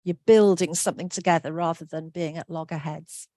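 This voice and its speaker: A woman's voice: sits low, steady tone, a little fast, mellow, no room sound, studio quality. A woman giving an online workshop talk, friendly and reassuring, reading out answers from the chat. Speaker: workshop presenter.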